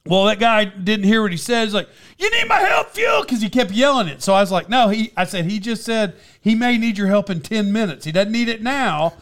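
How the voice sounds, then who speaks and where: A man telling a story in casual chat, animated, breaking into loud impressions of an excited fan. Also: high-pitched, fairly quick, few pauses.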